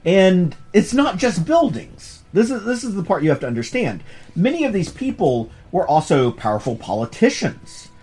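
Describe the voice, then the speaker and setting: With faint music in the background, a high-pitched man speaking at normal speed plays professor on a podcast course. He gives a casual, animated lecture on a comic book, joking and wandering off on tangents.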